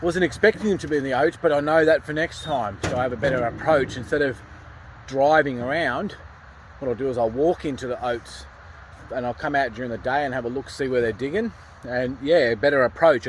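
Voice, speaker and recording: A man's voice: medium pitch, a little fast, slight background noise. An Australian man chatting casually about a pig hunt on a farm at night, rambling and laughing at himself. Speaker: pig hunter. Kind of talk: casual vlog chat.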